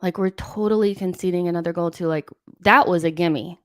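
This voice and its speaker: A woman's voice: lowish voice, fairly even intonation, a little fast, no echo, clean studio sound. A young woman hosting a live football watchalong, venting in exasperation and reading out viewer messages. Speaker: host of a football watchalong stream. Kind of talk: live watchalong commentary and chat.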